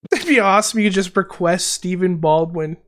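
A man from Canada hosting a podcast in casual chat, high on mushrooms, rambling and giggling with slangy talk. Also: a little fast, fairly bright tone, slight background noise. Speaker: podcast host.

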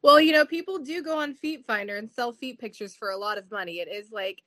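A woman's voice: fairly high pitch, a bit bright, no echo, clean studio sound. A woman co-hosting a podcast, talking in an exasperated way and full of "like" in casual recap chat. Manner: exasperated, fast-talking with lots of "like". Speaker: podcast co-host.

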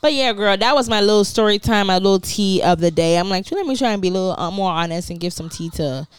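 A young woman co-hosts a podcast in casual chat, telling her stories candidly and with plenty of slang. Her voice sits at a middle pitch. The sound is dry and close, with no room echo. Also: fast, clear, resonant tone. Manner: candid, animated storytelling with slang. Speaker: podcast co-host.

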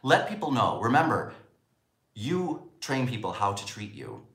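A man's voice: on the low side, a little slow. A man teaching a spoken lesson on communication, acting out quoted lines as he goes. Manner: animated, acts out quoted lines. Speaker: communication coach. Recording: roomy echo.

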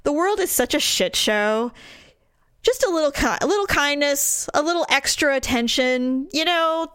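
A woman in her forties telling a story in casual, animated chat as a podcast co-host. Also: sits high, no room sound, clean studio sound. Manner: chatty, animated, quick asides.

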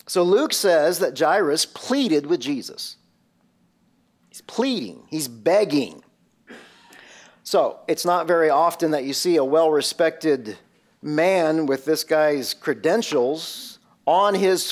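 Slow, emphatic male preacher. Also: on the high side, animated. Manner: emphatic, rhetorical questions. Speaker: pastor. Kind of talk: sermon.

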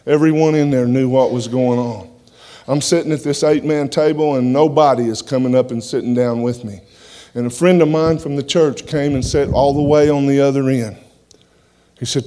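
A man's voice: mid-range voice, fairly even intonation, moderate pace, dark tone. A man giving his testimony to a congregation in a plain-spoken, folksy way, often repeating words as he goes.

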